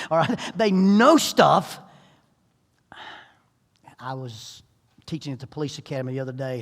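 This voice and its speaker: Folksy preacher man in an echoey church. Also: medium pitch. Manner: folksy, humorous, animated storyteller. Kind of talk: sermon. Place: church sanctuary.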